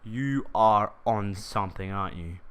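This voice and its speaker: A man voicing his blunt, laid-back teenage mate with a slightly lower voice inside his story. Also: a little slow, fairly bright tone, clean tone.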